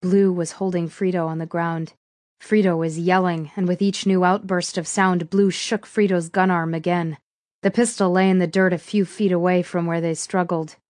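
A woman reading a first-person thriller audiobook in a steady, measured way. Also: lowish voice, no room sound, studio quality. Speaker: audiobook narrator.

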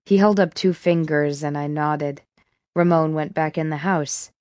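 A woman narrating a first-person audiobook in a measured, steady way. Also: low-pitched, no room sound, clean studio sound.

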